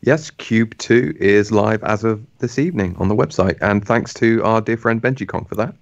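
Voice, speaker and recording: A man with a low voice and dry, self-deprecating humor co-hosts a casual live show. His mic is close and dry, and the sound is a bit dull and lo-fi. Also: moderate pace, vocal fry, dry recording. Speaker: podcast co-host. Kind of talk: casual live-stream chat.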